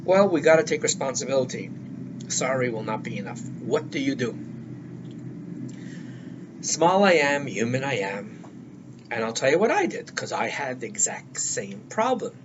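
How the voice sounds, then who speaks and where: A man's voice: medium pitch, sing-song, a little fast. An older man giving earnest life-coaching advice, emphatic and repeating words for stress, on a dull lo-fi recording. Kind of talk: solo talk to camera. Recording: dull lo-fi sound with faint noise.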